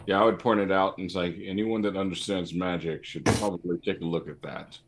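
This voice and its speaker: A man playing a tabletop role-playing game, explaining his character in a relaxed way. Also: deep voice, a little fast. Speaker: player. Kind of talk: casual chat at a tabletop game.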